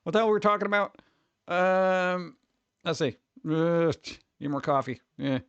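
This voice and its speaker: A man's voice: high voice, a little slow, fairly bright tone, clean tone, no echo, muffled recording. A man chatting casually with his stream viewers, rambling and laid-back, calling everyone "dude.". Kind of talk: casual livestream chat.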